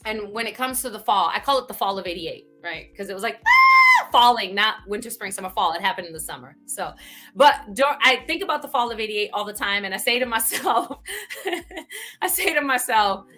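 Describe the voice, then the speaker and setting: A woman speaking candidly as a guest, telling a personal story in an animated way and often tagging "right?" at the end of a thought. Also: medium pitch, brisk, soft background music. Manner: animated, frequent "right?" tags, bursts of laughter.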